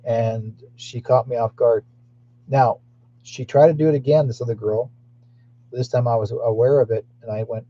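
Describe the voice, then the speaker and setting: A man's voice: medium pitch, steady tone, moderate pace, warm tone, muffled recording, slight background noise. A man hosting a psychic talk show, telling stories in a rambling way with many restarts and reading viewer comments aloud.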